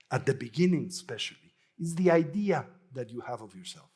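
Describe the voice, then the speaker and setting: Husky male Buddhist teacher, anecdotal dharma talk, frequent "no?" tags. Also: on the high side, expressive, brisk, few pauses, darkish tone. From Mexico. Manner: anecdotal, tags phrases with a questioning "no?".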